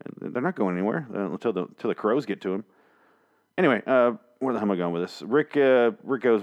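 A man's voice: fairly low pitch, animated, brisk, dull audio. A man recapping comic chapters in a casual, rambling, sarcastic monologue, swearing freely and slipping into mock voices. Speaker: comic book reviewer.

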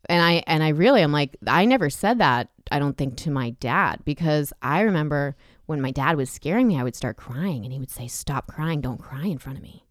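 A woman's voice: low-pitched, animated, a little fast, no room sound, clean studio sound. A woman in her thirties hosting a casual chat, talking candidly with frequent swearing and laughter. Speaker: podcast host.

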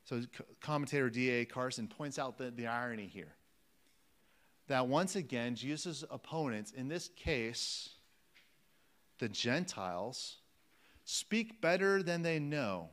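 A man's voice: medium pitch, animated, measured pace, a bit bright. A man preaching a sermon, emphatic and repeating phrases for weight, calling his listeners friends.

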